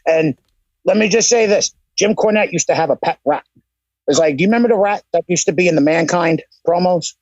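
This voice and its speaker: A man's voice: sits high, fairly quick, no room sound. Profane, storytelling man on a podcast, dull lo-fi sound. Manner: storytelling with quoted voices, profane. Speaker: podcast co-host. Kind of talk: casual podcast banter.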